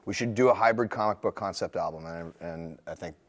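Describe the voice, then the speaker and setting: A man's voice: low voice, a little fast. A man who fronts a rock band, telling stories in a casual TV interview with self-mocking humor. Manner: self-mocking, animated storyteller. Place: TV studio.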